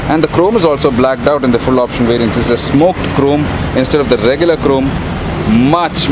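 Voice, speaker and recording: A young man talks viewers through a car in a chatty, upbeat vlog style. His voice sits at an ordinary mid pitch. The recording carries clear traffic and street noise from an outdoor lot. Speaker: car reviewer. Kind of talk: casual walkaround car review. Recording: noisy street and car ambience.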